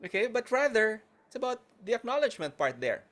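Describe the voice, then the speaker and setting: Interview host, conversational, animated pitch. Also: a little fast. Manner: lively, conversational, frequent "okay" checks.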